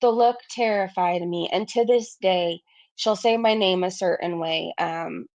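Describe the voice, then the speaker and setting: A woman's voice: fairly low pitch, unhurried, a little mellow, dry recording. Chatty woman in her forties. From Canada. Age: 40s. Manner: chatty, laughs at herself often, reads chat messages aloud. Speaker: YouTube livestream host. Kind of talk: casual livestream commentary.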